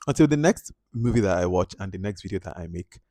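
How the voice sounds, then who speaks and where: A man's voice: low voice, fast, no echo, clean studio sound. A man giving a casual, chatty movie review, talking animatedly and filling his sentences with "like". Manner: chatty, animated, heavy use of "like". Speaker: film reviewer.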